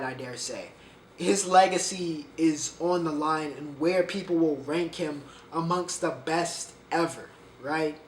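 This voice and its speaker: A man's voice: a little high, a bit bright, distant mic. A man hosting a sports podcast, chatting casually and rambling, often stumbling over player names. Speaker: podcast host. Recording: echoey room, voice a bit off-mic, faint background hiss.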